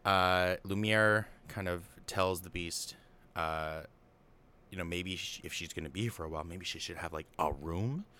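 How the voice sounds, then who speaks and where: With a deep, sharp-toned voice at a normal pace, a young film commentator casually goes over a movie and picks it apart. His talk rambles, full of fillers and loose paraphrases of what the characters say.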